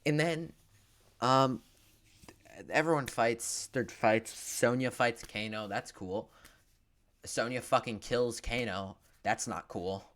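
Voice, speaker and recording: A man's voice: mid-range voice, slow, a bit bright. A young man giving a profane, sarcastic movie recap, full of filler words and swinging between mutters and outbursts. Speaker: movie reviewer.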